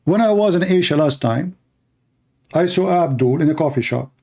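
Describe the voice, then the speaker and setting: A man's voice: on the high side, lively intonation, moderate pace, gravelly, mellow, slightly rough. A man hosting a polemical talk who speaks in sarcastic, mocking, non-standard English. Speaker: host.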